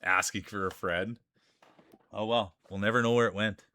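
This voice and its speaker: A man's voice: fairly low pitch, steady tone, normal speed, pushed and bright. A man with a Canadian accent giving chatty play-by-play commentary on a live stream. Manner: chatty play-by-play with frequent laughs.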